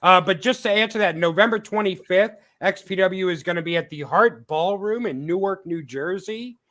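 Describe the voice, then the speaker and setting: A man's voice: high-pitched, normal speed, a bit bright. A man co-hosting a wrestling podcast, chatting and plugging upcoming event dates. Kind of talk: casual podcast chat.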